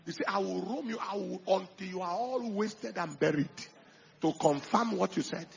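A male pastor preaching a sermon, swinging from quiet asides to loud emphatic bursts and acting out the people he quotes. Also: high voice, moderate pace, vocal fry, highs cut off, a little hiss or hum.

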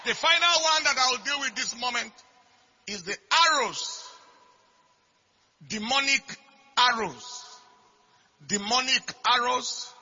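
A man preaching a sermon, repeating phrases and swinging from quiet talk to shouted declarations. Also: high-pitched, slightly rough. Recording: dull lo-fi recording.

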